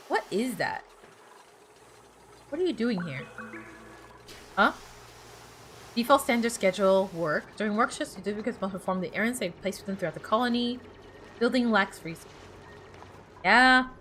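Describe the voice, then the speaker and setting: A woman's voice: mid-range voice, a bit bright, slight background noise. A woman streamer chatting casually while she plays, reading game text aloud and laughing easily. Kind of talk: casual gameplay commentary.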